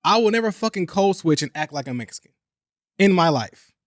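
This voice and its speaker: A young man hosting a podcast, talking in a casual, animated and profane way, repeating points for emphasis. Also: high voice, a little fast, no room sound, clean studio sound. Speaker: podcast host. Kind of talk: casual chat.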